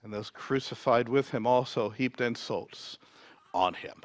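A man preaching a sermon, reading scripture dramatically and swinging from loud emphasis to near whispers. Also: medium pitch, measured pace, no echo.

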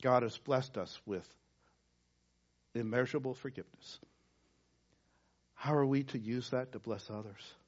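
Male preacher, husky tone, animated pitch, dull lo-fi recording; sermon with dramatic hushed drops. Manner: dramatic shifts from loud emphasis to hushed near-whisper. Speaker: pastor. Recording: dull lo-fi sound.

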